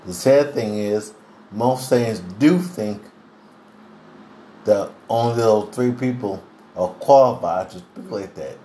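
Slow, low-voiced man preaching earnestly. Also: mellow. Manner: earnest, deliberate preaching, clears throat now and then. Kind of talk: devotional sermon. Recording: roomy echo, faint background hiss.

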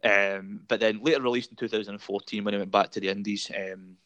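A man's voice: on the low side, fairly even intonation, fast, fairly bright tone, no room sound. A Scottish man hosting a casual chat, rambling with many fillers and frequent laughs. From Scotland. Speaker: podcast host.

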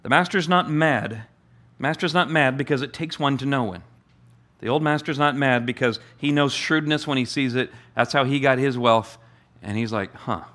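A male pastor preaches at an easy, middling pitch, talking more than declaiming. He often stumbles and restarts, repeating words as he builds a point, and his delivery is plain and unpolished. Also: moderate pace, a bit bright. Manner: acts out the master's amused voice with a higher pitch. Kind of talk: sermon.

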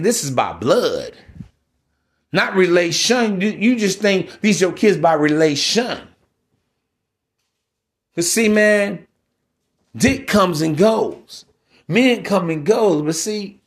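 High-voiced man on a preachy podcast rant. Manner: preachy, blunt and profane. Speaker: podcast host.

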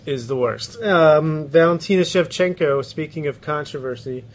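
A man's voice: on the high side, moderate pace. Laughing, blunt male podcast co-host. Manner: laughs often, swears casually, blunt opinions. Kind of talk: casual sports chat.

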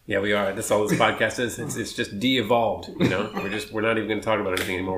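Low-voiced man hosting a podcast, echoey room. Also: steady tone, a bit bright, slight background noise. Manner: joking, fast-talking, profane. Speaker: podcast host. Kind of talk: casual podcast chat. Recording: roomy echo, rough amateur audio.

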